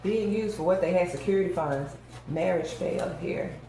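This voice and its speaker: A woman's voice: fairly low pitch, normal speed, dark tone, slight background noise. A woman giving a tarot reading to her viewers, talking emphatically and addressing them directly. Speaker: tarot reader. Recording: very echoey room.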